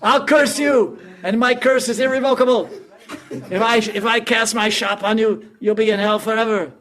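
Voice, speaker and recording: A man doing a shrill pompous boy priest. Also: steady tone, normal speed, a bit bright. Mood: outraged. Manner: indignant, blustering threats.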